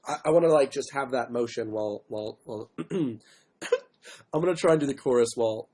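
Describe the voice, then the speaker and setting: A man hosting a casual livestream, with a sore throat and frequent throat clearing, who mocks himself and keeps apologizing and giving up on songs. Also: medium pitch, brisk, a little mellow. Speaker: livestream host. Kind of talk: casual livestream chat with ukulele. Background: faint ukulele strumming.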